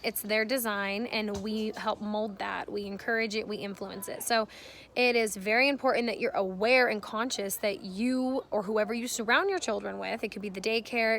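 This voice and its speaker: A woman's voice: medium pitch, fairly bright tone, slight background noise. A woman in her thirties giving earnest parenting advice to camera, explaining at length in a casual way. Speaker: parenting vlogger.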